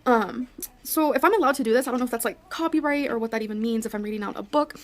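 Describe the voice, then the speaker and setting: A woman's voice: a little high, fast talker. A woman vlogger talking casually to her viewers and reading her notes aloud, apologetic and chatty. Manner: apologetic, chatty, giggly asides.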